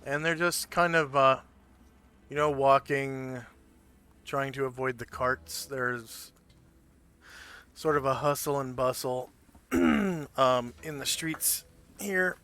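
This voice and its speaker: A man narrating a tabletop game as game master, describing scenes in an unhurried, loosely improvised way. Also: medium pitch, pushed and bright, clean tone.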